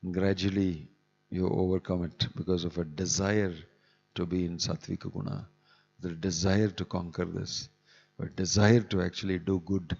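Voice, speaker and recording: This sermon comes from a man leading a scripture class in a temple hall, speaking casually and laughing softly at his own asides. His fairly low voice is a little mellow with some vocal fry, captured in a dull, echoey recording.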